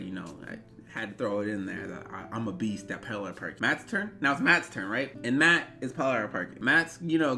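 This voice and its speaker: A man in his twenties telling an animated, rambling story in a storytime vlog. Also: mid-range voice, creaky. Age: 20s. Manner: animated, rambling, bursts into yelps. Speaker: vlogger.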